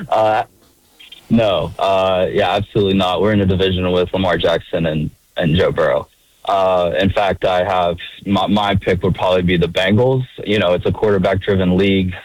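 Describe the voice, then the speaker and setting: Man, from Pittsburgh area, very low voice, hesitant, phone call, dry sound. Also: no room sound. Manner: hesitant, many fillers, laughs. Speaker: caller. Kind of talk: casual call-in chat. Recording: phone line.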